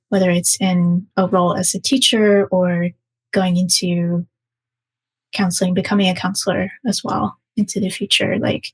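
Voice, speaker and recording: A woman's voice: lowish voice, slightly rough, rough recording. A woman who hosts the interview, speaking in an affirming, reflective way to her guest. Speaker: host, former psychology teacher. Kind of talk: supportive interview talk.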